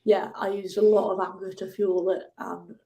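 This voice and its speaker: Animated young woman telling a story. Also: moderate pace, vocal fry. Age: 20s. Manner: animated, acts out her own angry outbursts in a higher voice. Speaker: guest, ocean rower. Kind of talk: casual interview storytelling.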